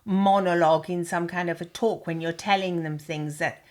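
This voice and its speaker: Chatty woman co-host, quick to laugh. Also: on the low side, steady tone. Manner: chatty, laughs often, lots of fillers. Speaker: podcast co-host. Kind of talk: casual chat.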